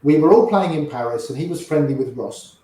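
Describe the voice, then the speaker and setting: The very echoey recording captures an older man, a guest storyteller, chattily telling anecdotes and acting out the voices of people in them. He talks briskly with lively intonation, and his voice is a little high yet dark in tone.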